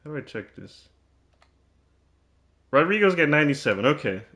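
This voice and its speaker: A man's voice: a little high, big pitch swings, normal speed, pushed and bright. A man commentating his own basketball video game, teasing and trash-talking in a mock-serious way and often repeating himself.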